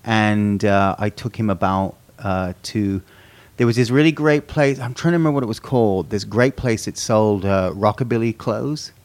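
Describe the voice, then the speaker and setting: A man in casual podcast chat, telling a story in a relaxed way. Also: fairly low pitch, moderate pace, few pauses.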